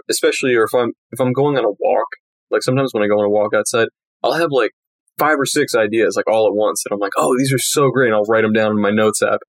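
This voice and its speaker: A man's voice: mid-range voice, no echo. A man who draws comics, chatting casually as a podcast guest and laughing easily. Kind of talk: casual chat.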